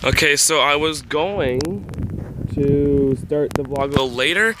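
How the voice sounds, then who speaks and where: A man's voice: fairly high pitch, unhurried. A teenage boy talking casually to his camera, rambling with lots of ums and small laughs. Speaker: vlogger. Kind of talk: casual vlog talk to camera. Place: home, then outdoors by a road in heavy rain. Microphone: handheld camera. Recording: noisy outdoor recording with wind and rain. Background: wind and rain.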